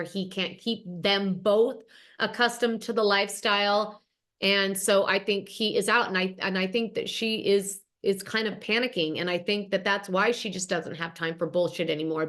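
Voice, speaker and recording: A woman host chatting about reality TV in an animated, gossipy way, talking straight to her viewers. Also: mid-range voice. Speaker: podcast host. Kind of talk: casual gossip recap.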